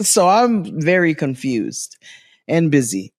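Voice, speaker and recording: Guy cohosting a comedy podcast in a living room, animated storyteller, dry close sound, middle pitch. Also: dry recording. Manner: animated storyteller, quick bursts and laughs. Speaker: podcast co-host. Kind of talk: casual comedic chat.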